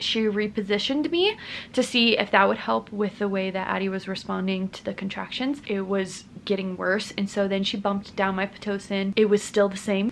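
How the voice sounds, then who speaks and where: A woman's voice: medium pitch, a bit bright, slight background noise. Chatty young woman telling a personal story. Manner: chatty, earnest, frequent "like" fillers. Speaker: family vlogger, mother. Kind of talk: casual personal storytelling to camera.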